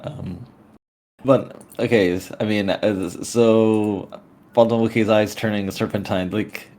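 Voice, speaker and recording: A man playing in a tabletop game, talking in a halting, hesitant way. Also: fairly low pitch, steady tone, a little mellow. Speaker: player.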